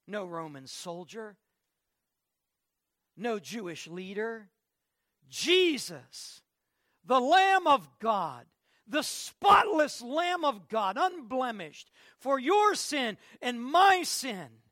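A male pastor preaching an Easter sermon, swinging from quiet passages to shouted declarations and rapid questions to the congregation. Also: very high-pitched, sing-song, no echo, studio quality.

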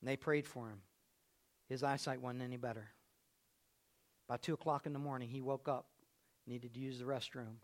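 A man preaching a sermon, telling a story and swinging between hushed delivery and loud, raised passages. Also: mid-range voice, steady tone, normal speed, long pauses.

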